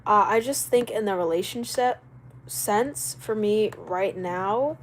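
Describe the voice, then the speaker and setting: A young woman chatting loosely on a live stream in a rambling, animated way, with reactions to viewers' comments. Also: mid-range voice, takes it slowly, a little hiss or hum, poor audio. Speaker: livestreamer. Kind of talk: casual live-stream chat.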